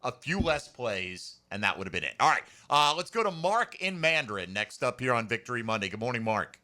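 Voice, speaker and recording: A man hosting a sports talk radio show, chatty and animated. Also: medium pitch, fairly quick.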